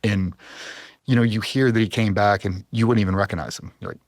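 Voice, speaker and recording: A man's voice: fairly low pitch, brisk, no echo, studio quality. A man, a former Navy SEAL, telling a personal story on a podcast in an intense, heartfelt, emotional way. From US East Coast.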